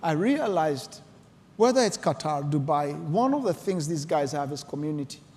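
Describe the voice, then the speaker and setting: A man with a fairly high voice gives a conference talk, telling stories with earnest feeling. His words ring out through a large hall with a long reverb trailing behind them. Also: sing-song, moderate pace, a little mellow, slight background noise. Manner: earnest, storytelling, emotional emphasis. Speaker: conference speaker.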